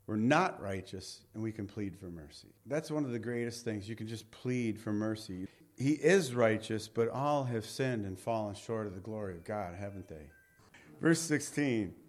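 Animated man teaching the Bible. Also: medium pitch. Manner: animated, reads scripture aloud then paraphrases it conversationally.

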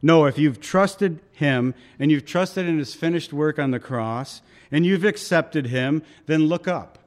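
A man's voice: fairly high pitch, unhurried. A male pastor preaching a sermon in a conversational, storytelling way, acting out voices in his anecdotes.

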